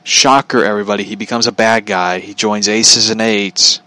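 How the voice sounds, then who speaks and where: A man's voice: fairly low pitch, steady tone, moderate pace, sharp tone, dry recording, poor audio. A man giving a casual, sarcastic rant about wrestling, laughing often as he talks. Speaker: commentator.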